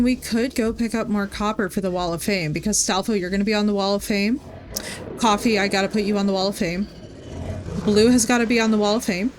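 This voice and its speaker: A woman's voice: mid-range voice, a little hiss or hum. A woman from New Jersey chatting with her viewers by name during a live gaming stream. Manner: chatty, talks to chat by name.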